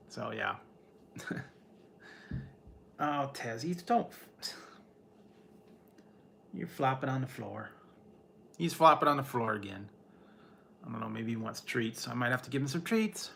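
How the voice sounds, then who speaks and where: A man's voice: medium pitch, moderate pace, vocal fry, pauses often, bright, forceful tone. A man hosting a casual livestream from home, rambling and laughing often as he chats with viewers and talks to his pet. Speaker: livestream host. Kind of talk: casual chat with live chat viewers.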